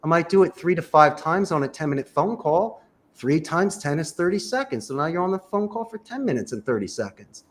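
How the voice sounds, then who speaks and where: A man's voice: fairly high pitch, sing-song, brisk. A man giving emphatic, punchy sales coaching in a panel conversation. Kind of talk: energetic advice in a panel chat.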